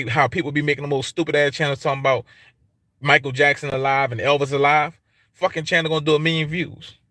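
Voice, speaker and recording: Bright-voiced man ranting on a livestream. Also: a little high, dry recording. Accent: African American English. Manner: repetitive, emphatic, heavy swearing, street slang. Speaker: YouTube livestream host. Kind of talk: profane casual livestream rant.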